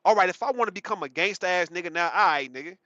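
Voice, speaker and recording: A man's voice: high voice, fast, sharp tone, no room sound. A man in his thirties giving a rambling, profane, emphatic casual commentary monologue, often repeating himself. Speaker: commentary channel host. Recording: dull, muffled sound.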